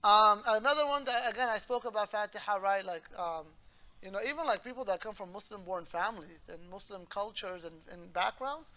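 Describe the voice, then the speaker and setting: A man's voice: high voice, brisk, sharp tone. A male imam giving a religious lesson, explaining patiently and often checking that his listeners follow. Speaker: imam teaching a class.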